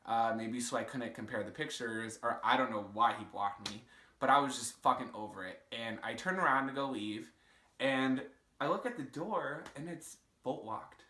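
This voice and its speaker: Young guy in his 20s doing a storytime, says like a ton, swears, bright voice in an echoey room. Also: medium pitch, normal speed, a little hiss or hum. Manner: casual, swearing, lots of "like" fillers. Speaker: vlogger. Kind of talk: storytime vlog.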